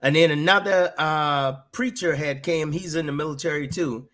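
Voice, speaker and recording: A man's voice: a little high, steady tone, moderate pace, a bit bright. A middle-aged man earnestly telling a personal faith testimony, often repeating his words as he goes. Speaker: guest sharing a faith testimony.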